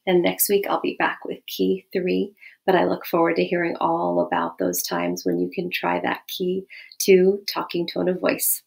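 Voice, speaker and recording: A woman teaching a lesson to children and families in a gentle, questioning way. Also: fairly low pitch, moderate pace, vocal fry. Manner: gentle, questioning, animated demonstrations.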